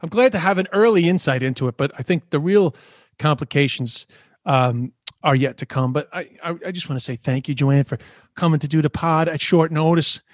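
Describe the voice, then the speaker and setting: A man's voice: a little high, fairly quick, no room sound, clean studio sound. A man hosting a podcast, chatting casually, swearing a lot and ranting with energy. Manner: swears constantly, animated ranting. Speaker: podcast host.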